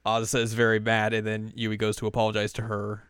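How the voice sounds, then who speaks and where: A man's voice: fairly low pitch, completely flat delivery, quick pace, a bit bright, a little hiss or hum. A man chatting casually as a podcast co-host, retelling a story animatedly and raising his voice for the characters he quotes. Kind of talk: casual chat recapping an anime.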